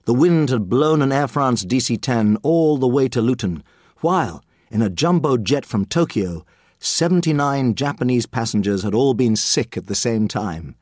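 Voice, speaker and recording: A male audiobook narrator tells a children's story with lively, expressive delivery. His pitch rises and falls a great deal, at a medium height. The studio recording is close and dry. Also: normal speed, dry recording.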